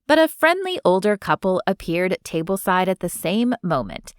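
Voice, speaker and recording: A woman reading romance fiction aloud as an audiobook narrator in an even, smooth storytelling manner. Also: on the low side, normal speed, dry recording, clean studio sound. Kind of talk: scripted narration.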